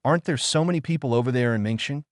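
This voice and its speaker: A man voicing a quick-witted young male basketball player who talks in a brisk, sheepish way. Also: medium pitch, dry recording, clean studio sound, pitched above the performer's own voice, close to an everyday voice. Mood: urging.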